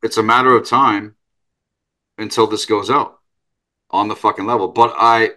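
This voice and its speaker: A man's voice: fairly low pitch, fairly even intonation, moderate pace, pushed and bright. A man hosting a casual talk, speaking in an insistent, salesy and profane way. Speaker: host. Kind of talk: casual conversation.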